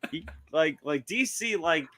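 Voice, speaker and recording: Animated, stammering young-sounding man. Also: on the high side, a little slow. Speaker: guest, streamer and school counselor. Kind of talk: casual chat.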